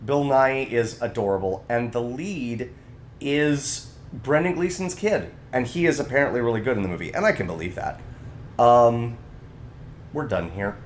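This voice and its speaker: Male co-host, animated casual chatter, very expressive delivery, slight noise floor. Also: mid-range voice, normal speed. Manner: animated, ranting. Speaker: podcast co-host. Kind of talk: casual chat.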